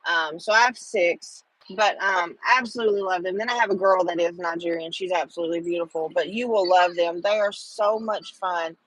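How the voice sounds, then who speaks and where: A woman's voice: on the low side, fairly even intonation, a little fast, hardly any pauses, fairly bright tone, dry recording, low-quality recording. A middle-aged woman, chatting with viewers on a casual livestream and rambling with lots of fillers. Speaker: livestream host.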